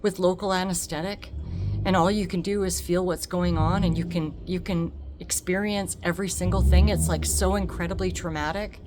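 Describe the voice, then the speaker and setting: A woman telling a personal story on her vlog, emotional and expressive, laughing often. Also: lowish voice, moderate pace, over loud music. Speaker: vlogger.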